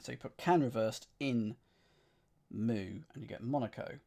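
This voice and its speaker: A man's voice: medium pitch, normal speed, gravelly, dark tone. A man streaming himself solving a cryptic crossword, reading clues aloud and musing over the wordplay. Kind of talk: thinking aloud while solving.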